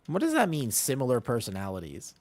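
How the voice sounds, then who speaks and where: A man's voice: mid-range voice, huge pitch swings, brisk, a little mellow. A man streaming a game, chatting casually with his chat, joking and answering questions.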